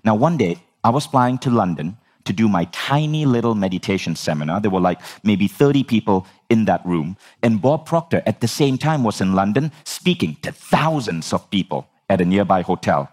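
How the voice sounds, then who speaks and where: A man in his forties telling his own story in an animated, humorous way, swearing now and then. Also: on the low side, moderate pace, few pauses. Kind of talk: storytelling talk.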